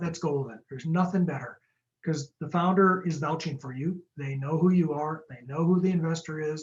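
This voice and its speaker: A man, a startup lawyer, giving a quick, jokey webinar talk and answering audience questions over a video call. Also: a little high, lo-fi sound. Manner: fast-talking, jokey and upbeat.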